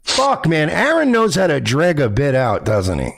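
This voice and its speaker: Gravelly sarcastic male commentary host. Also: a little high, wildly swooping pitch, moderate pace. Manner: sarcastic, mocking, profane. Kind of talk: reaction commentary.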